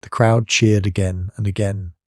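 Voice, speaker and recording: Brief: male audiobook narrator, low voice, steady measured reading, dry close sound. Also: no echo. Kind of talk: scripted narration of a classic story.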